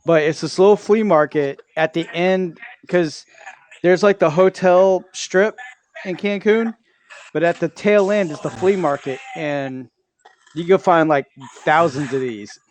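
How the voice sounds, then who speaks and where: A man's voice: fairly high pitch, measured pace. A man from Texas chatting casually as co-host, rambling and restarting often. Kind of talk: casual chat.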